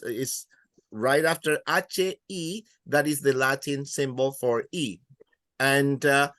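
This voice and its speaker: Slow, patient male teacher. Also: mid-range voice, fairly bright tone, no echo. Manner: patient, repeats words slowly for students. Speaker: Spanish teacher. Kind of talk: classroom teaching.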